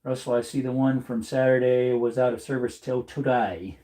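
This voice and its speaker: Mellow and medium-pitched, this man speaks in a level tone at a moderate pace. While reloading ammunition on a laid-back livestream, he jokes around with his audience, reads their messages aloud, and puts on goofy voices.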